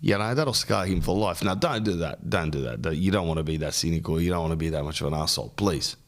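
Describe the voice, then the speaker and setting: A man with a notably low voice hosts a podcast, speaking into a microphone. He hands out advice in a loose, rambling way, full of slang and repeated "bro"s. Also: quick pace. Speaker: podcast host. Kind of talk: casual advice chat.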